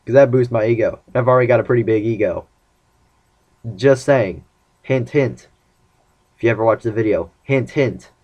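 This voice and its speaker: A man's voice: medium pitch, normal speed, long pauses, darkish tone, dull audio. A young man casually telling rambling, self-mocking stories about his dating life in a vlog. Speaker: vlogger.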